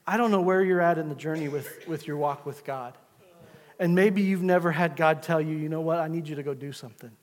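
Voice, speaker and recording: A middle-aged pastor preaches to his congregation, pressing his points home by repeating them. His voice sits high for a man. The sound rings with the long reverb of a church hall. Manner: preaching, repetitive exhortations. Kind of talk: sermon. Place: church sanctuary.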